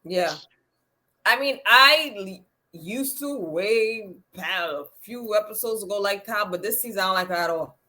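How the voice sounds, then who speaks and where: A woman co-hosting a casual reality TV recap chat, animated, acting out quotes as she talks. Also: medium pitch, normal speed. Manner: animated, acts out quotes, lots of "like" and "yeah". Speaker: co-host.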